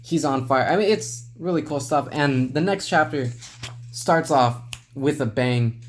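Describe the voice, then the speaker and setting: A man reviewing a manga volume in a relaxed, rambling way, with lots of filler sounds and small chuckles. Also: mid-range voice, a little slow, slight background noise. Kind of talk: casual video review.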